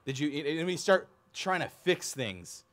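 A man in his thirties preaching a sermon in a church, animated and conversational, often asking the congregation questions. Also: fairly high pitch, a little slow. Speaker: pastor.

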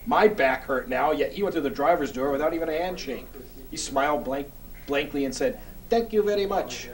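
A man's voice: mid-range voice, a little fast, recorded from a distance. A man hosting a book segment in a comedy sketch, eager and showy as he reads aloud. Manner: eager, showy, exasperated with partner. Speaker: segment host.

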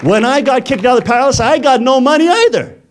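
High-ish male preacher, super animated, chatty sermon, laughs a lot and keeps asking the crowd stuff. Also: brisk. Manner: animated, conversational, laughs often, asks the congregation questions. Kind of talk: lively sermon.

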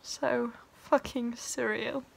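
A woman's voice: on the high side, fairly even intonation, takes it slowly, gravelly. A young woman vlogging about her first song, tearful and laughing, overwhelmed with emotion. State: crying. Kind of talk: emotional personal vlog.

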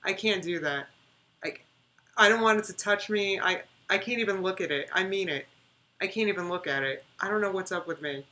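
Bright-voiced chatty woman streamer. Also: medium pitch, brisk. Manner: chatty and emphatic, repeating words for stress. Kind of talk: casual reaction livestream chat.

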